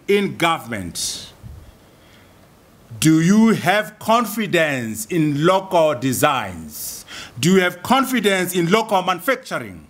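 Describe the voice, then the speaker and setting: Rousing high-voiced male lecturer. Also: fairly bright tone. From Zimbabwe. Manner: rhetorical, rousing, repeats slogans. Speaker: guest speaker. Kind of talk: university lecture.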